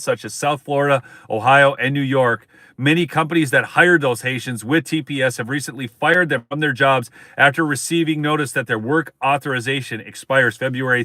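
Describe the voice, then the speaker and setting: Male stream host, higher-pitched, emphatic and repetitive, dry close-miked sound. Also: bright, forceful tone, no room sound. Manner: emphatic, repeats points, addresses viewers as folks. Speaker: political commentary host. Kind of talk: live-stream political commentary.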